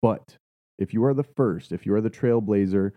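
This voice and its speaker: A man's voice: lowish voice, moderate pace, dry recording. A man co-hosting a podcast in casual chat, blunt and brash, swearing freely. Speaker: podcast co-host. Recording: dry, dull lo-fi sound.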